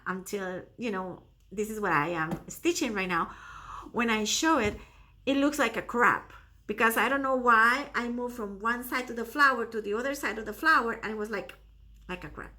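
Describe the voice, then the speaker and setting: Bright, chatty woman. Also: fairly high pitch. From Costa Rica. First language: Spanish. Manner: chatty and enthusiastic, non-native phrasing. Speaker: cross-stitch vlogger. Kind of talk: casual show-and-tell chat.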